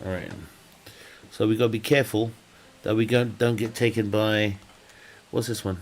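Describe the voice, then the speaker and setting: A man's voice: fairly low pitch, steady tone, moderate pace. Jokey man streaming a game. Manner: rambling, jokey, laughs often. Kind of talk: casual chat while gaming.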